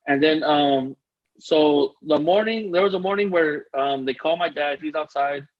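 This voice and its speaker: A man's voice: on the high side, unhurried, lo-fi sound. A man telling a personal story as a podcast guest, earnest and rambling, often restarting his sentences. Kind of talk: casual interview storytelling.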